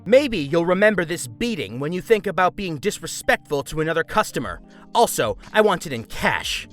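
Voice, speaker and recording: A furious entitled woman customer screams and bullies down a phone line, as a male narrator puts her on. She talks over everyone in a raised, swooping, loud voice, with faint music behind. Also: fairly high pitch, big pitch swings, moderate pace. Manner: screaming, bullying, interrupting.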